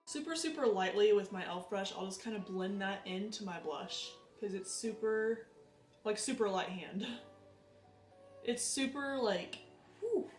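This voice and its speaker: A woman vlogger chatting casually as she tries out makeup, animated and self-deprecating. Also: mid-range voice, measured pace, echoey room, distant mic, faint music behind. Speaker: beauty vlogger. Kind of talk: casual makeup tutorial chat.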